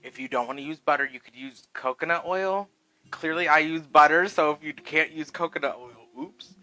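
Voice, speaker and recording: A man's voice: a little high, moderate pace, bright, forceful tone, faint music behind, poor audio. A man hosting a casual home cooking vlog, sassy and profane, calling viewers "girl" and "honey". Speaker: cooking vlogger. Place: home kitchen.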